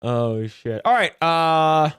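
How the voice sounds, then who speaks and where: A man's voice: a little high, expressive, slow, fairly bright tone, clear, resonant tone. A man live-streaming in casual chat, crude and profane, rambling with restarts in a jokey instructional tone.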